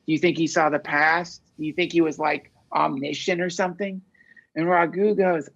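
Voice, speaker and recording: A man talks in loose, searching sentences, swearing freely as he thinks aloud. His voice is gravelly with a husky edge. The audio is dull and lo-fi, like a podcast recording. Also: on the high side, steady tone, normal speed, a bit bright. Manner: rambling, profane, searching. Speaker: podcast guest. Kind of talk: casual conversation.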